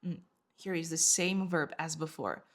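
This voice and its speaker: A woman's voice: low-pitched, fairly even intonation. A woman teaching an online Chinese lesson, patiently repeating each word and explaining it in English. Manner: patient, repeats words slowly with English glosses.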